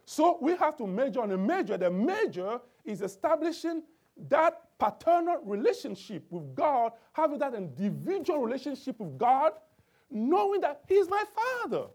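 A man's voice: very high voice, big pitch swings, moderate pace, a little mellow. A man preaching a Bible lesson to a congregation in church, emphatic, often checking in with his listeners. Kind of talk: sermon-style Bible teaching.

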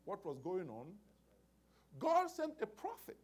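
A man's voice: high voice, wildly swooping pitch, unhurried. A man preaching a sermon, speaking with emphasis, repeating words and phrases, and often calling out to the congregation for an amen.

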